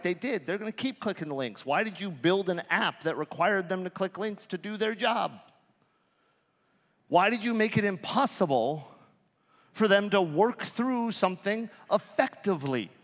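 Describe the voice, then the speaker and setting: Animated, swearing man in a reverberant hall. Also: sits high, normal speed. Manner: profane, joking, animated storytelling. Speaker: conference speaker. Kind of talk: live conference talk. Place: large conference hall.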